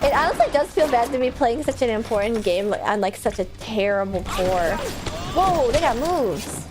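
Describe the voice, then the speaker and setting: Excitable woman streamer with a lively voice. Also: a little high, background noise. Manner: excitable, quick to laugh and swear. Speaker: game streamer. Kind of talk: casual live-stream gameplay chat.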